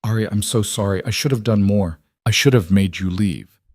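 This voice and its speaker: A man voicing a worried middle-aged mother, raising his pitch noticeably into a pleading delivery in a dry, close recording. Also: normal speed, a little mellow, no echo, lightly acted. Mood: tearful.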